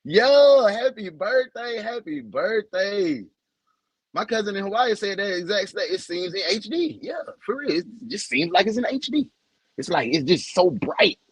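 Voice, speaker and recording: Animated, husky-voiced man hosting a livestream. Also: sits high, normal speed, no echo, poor audio. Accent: Southern US. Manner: loose, joking, slangy, greets viewers by name. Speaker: livestream host. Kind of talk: casual livestream chat.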